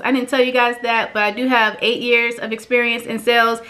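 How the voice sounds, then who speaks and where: A young woman vlogging about her own life in a bright, clear voice that sits a little high. She talks casually and with lots of animation, leaping up in pitch when she acts out the people she quotes. She is emotional and close to tears throughout. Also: normal speed, few pauses. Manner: chatty and animated, acts out quoted dialogue with big pitch jumps. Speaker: vlogger reviewing an online course. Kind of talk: casual personal vlog storytelling.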